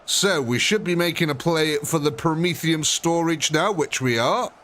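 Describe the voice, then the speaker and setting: A man's voice: fairly high pitch, moderate pace, fairly bright tone. A man commentating a live strategy game, chatty and thinking aloud, often talking straight to the units on screen. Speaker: gaming streamer.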